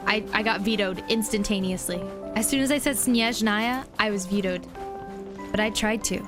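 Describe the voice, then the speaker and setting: A young woman streaming a game, chatting excitedly to viewers and repeating herself when flustered. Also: medium pitch, moderate pace, over music. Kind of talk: casual gaming stream chat.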